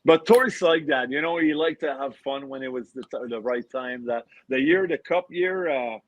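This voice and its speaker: A man's voice: medium pitch, moderate pace, dry recording, poor audio. A man in his forties, a former pro hockey player, telling laughing anecdotes as a podcast guest. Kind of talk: casual podcast storytelling.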